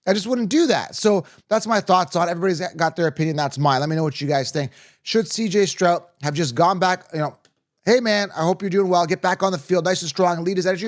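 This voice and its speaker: A man with a slightly raised pitch hosts a fantasy football show in a casual, straight-talking way. He gives blunt, opinionated takes to his viewers. He keeps checking in with "okay?" and "right?" as he goes. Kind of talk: casual sports commentary to camera.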